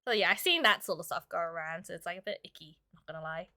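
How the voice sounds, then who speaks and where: A streamer and illustrator chats casually with her audience while drawing, giggling and using lots of filler words. She's sick and coughs now and then, speaking fast in a lowish, sharp-toned voice.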